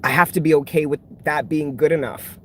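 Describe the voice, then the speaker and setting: A woman's voice: deep voice, fairly even intonation, brisk, slight background noise. A woman who reads tarot for her channel, venting casually to her viewers in a blunt, heavily cursing way that keeps building into outbursts. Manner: blunt, heavy swearing, emotional outbursts. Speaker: tarot reader and channel host.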